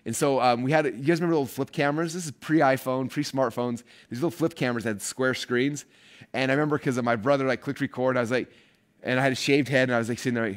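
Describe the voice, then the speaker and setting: Guy rattling off a story super fast, mid-pitched voice, acts out his old self in the quotes. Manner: fast, animated storyteller who acts out his own past lines. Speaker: online marketing speaker. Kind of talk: casual storytelling to viewers.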